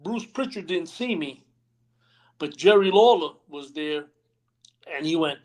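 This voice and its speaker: A man's voice: a little high, animated, measured pace, long pauses, darkish tone. A man, a retired wrestler, telling rambling backstage stories on a live stream interview, acting out what others said. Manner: rambling anecdotes, acts out quotes, many "you know what I mean". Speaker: retired pro wrestler, guest. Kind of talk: storytelling interview. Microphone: remote live stream call.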